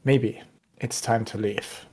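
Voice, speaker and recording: A man voicing a large male soldier who threatens calmly and quietly. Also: medium pitch, measured pace. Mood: threatening.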